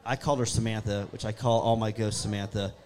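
A man's voice: on the low side, quick pace. A man, casually telling spooky stories and acting out what people said. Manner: animated storyteller acting out his own quotes. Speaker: guest storyteller. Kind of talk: casual ghost-story chat.

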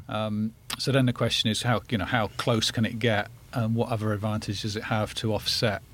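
Man, lowish voice, hesitant, podcast guest, casual chat. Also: little pitch movement, moderate pace, fairly bright tone. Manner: hesitant, many fillers and restarts. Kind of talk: casual discussion.

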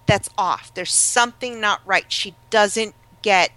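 A woman chatting casually as a podcast co-host, animated and gossipy, acting out the people she quotes. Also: mid-range voice, a little slow, no echo. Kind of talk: casual chat.

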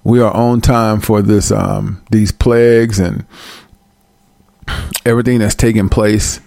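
A livestream host rants casually and animatedly, swearing a lot and laughing often. His fairly low, creaky voice is unhurried, with no room sound.

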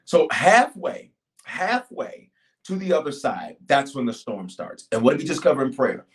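A man pastor preaching a livestreamed sermon and prayer from a church stage, animated and call-and-response, swinging between loud exhortation and low, slow prayer. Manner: animated, call-and-response, urging the audience to answer. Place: church stage filmed by several cameras.

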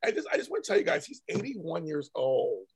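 A man's voice: a little high, huge pitch swings, a little fast, slight background noise. A man hosting a casual chat show, talking animatedly and acting out characters' lines. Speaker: podcast host. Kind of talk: casual chat about a soap opera.

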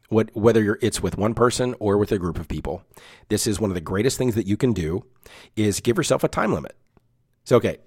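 A man's voice: on the low side, a little mellow. A man giving casual workplace and life advice in a folksy, chatty way, with frequent self-corrections and asides.

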